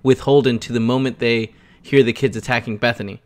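A man co-hosting a podcast in a relaxed, joking way, reading out comments from the chat. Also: medium pitch, brisk. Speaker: podcast co-host. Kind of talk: casual chat.

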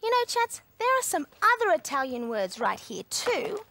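A woman's voice: high-pitched, sing-song, moderate pace, sharp tone, no room sound. A woman hosting a children's show in a cheerful, encouraging, sing-song manner. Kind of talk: children's TV presenting.

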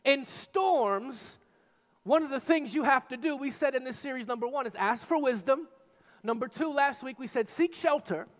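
Pastor, male, high-pitched, forceful repetitive preaching, long church-hall reverb. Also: fairly quick. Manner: emphatic preaching with repetition, rising to shouts. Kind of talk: sermon.

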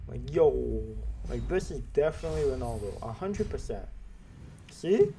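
A man commentating a game pack opening, frustrated and swearing, erupting into shouts now and then. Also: mid-range voice, lively intonation, normal speed, gravelly, a little hiss or hum. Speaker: gaming YouTuber.

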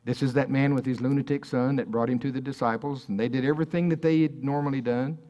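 A man preaching to a congregation in a loose, conversational way. He talks at a mid-range pitch and keeps turning to the room with questions. It is recorded at a live church service. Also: steady tone, fast, dark tone, lo-fi sound. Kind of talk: sermon.

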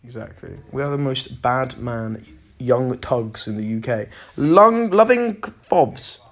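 A man's voice: mid-range voice, animated, slow pace. A young man hosting a casual livestream, chatty and slangy, thanking viewers by name in an indoor room. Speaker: livestream host.

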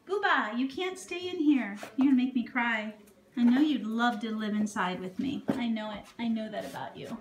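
A woman with a fairly high voice talks to her horse in a doting, cooing way, as if to a child. She is in an echoey indoor room off a stable. A faint background hiss stays underneath. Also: expressive, normal speed. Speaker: horse owner filming her mare. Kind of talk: casual vlog talking to a horse. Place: indoor office beside a stable.

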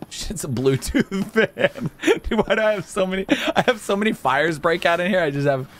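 A man hosting a casual let's-play video, excitable and jokey, chatting to the game's characters as he plays. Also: sits high, normal speed. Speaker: gaming video host.

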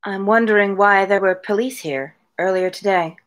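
Soft-spoken young dancer, as a woman reads her. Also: medium pitch, moderate pace, close to an everyday voice. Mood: hushed calm. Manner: soft, hushed delivery without a put-on accent. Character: young woman club dancer, calm and soothing. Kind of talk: read-aloud dialogue.

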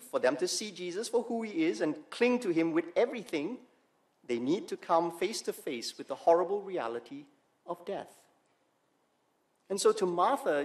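Male pastor preaching, high-pitched, emphatic, pauses for weight. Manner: emphatic, slow dramatic pauses on key words; rhetorical questions to the congregation. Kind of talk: sermon.

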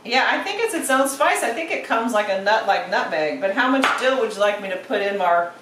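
A woman's voice: medium pitch, lively intonation, a little fast, noisy background. Chatty woman cooking, roomy distant sound. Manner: chatty and playful, narrates steps aloud. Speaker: cooking show host. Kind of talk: casual cooking demonstration.

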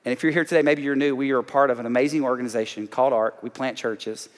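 A man's voice: mid-range voice, fairly even intonation, fast talker. A man from Alabama with a Southern accent, preaching a sermon to a congregation with emphatic call-outs. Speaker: pastor. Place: large church auditorium. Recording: long hall reverb.

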